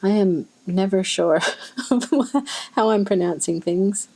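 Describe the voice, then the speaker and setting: A woman with an Australian accent, chatting casually and thinking aloud as she swatches fountain pen inks, with soft musing exclamations. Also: medium pitch, slow, creaky, rough recording. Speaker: ink swatching vlogger. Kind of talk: casual chat while swatching.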